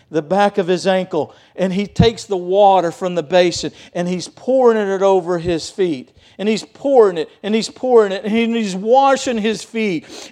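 High-voiced slow preacher man. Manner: vivid storytelling, swings between loud stresses and quiet asides. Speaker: pastor. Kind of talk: sermon.

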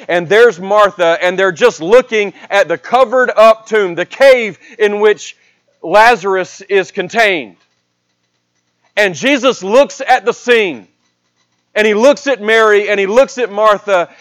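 High-voiced man preaching a dramatic sermon. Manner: dramatic storytelling, swinging between raised and hushed voice.

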